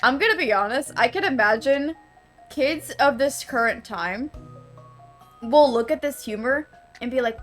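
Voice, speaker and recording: A VTuber streamer, a young woman in her twenties, rambles casually and profanely while gaming live, laughing often. Her voice is a little high and fairly bright at normal speed, with faint music behind.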